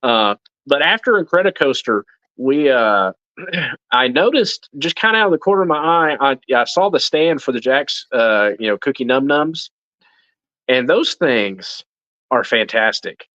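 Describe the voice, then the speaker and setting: A man's voice: mid-range voice, expressive, measured pace, sharp tone, dry recording. A man co-hosting a casual live stream from home. He talks in a mid-range voice, wandering through his thoughts with constant ums and restarts. The sound is dry and a little dull. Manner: rambling, many fillers and restarts. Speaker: channel co-host.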